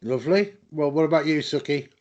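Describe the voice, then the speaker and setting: A man's voice: fairly high pitch, brisk, darkish tone, muffled recording. A man hosting a podcast, asking the others questions and adding dry, sarcastic quips. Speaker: podcast host. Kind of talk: casual chat.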